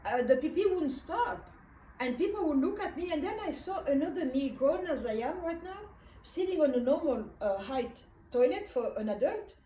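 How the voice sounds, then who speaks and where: A woman from Africa tells a dream as personal testimony. Her voice sits high and mellow, and she pauses often with small fillers. She is heard from a distance in a room with noticeable echo. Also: lively intonation, a little hiss or hum. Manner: unhurried, hesitant, frequent uh fillers. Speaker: speaker recounting a dream. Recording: roomy, distant from the mic.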